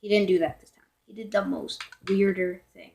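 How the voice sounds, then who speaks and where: A woman's voice: medium pitch, steady tone, moderate pace, vocal fry, dark tone. A young teenage girl telling a storytime vlog in a rambling way, full of fillers, self-corrections and whispered asides. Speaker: vlogger.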